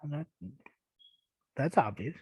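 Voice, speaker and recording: A man's voice: on the high side, animated, slow, breathy edge, no room sound, poor audio. A man with a thick Eastern Kentucky accent hosting a podcast, reading listener emails aloud and answering them in a laid-back, chuckling, self-deprecating way. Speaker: podcast host.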